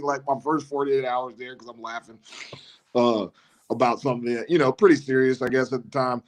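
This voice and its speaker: A man's voice: fairly quick, slight background noise. A man, a former college football player telling casual stories as a guest on a live show, often restarting and laughing. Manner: animated storyteller who mimics his coach in a high voice, laughs often, many restarts.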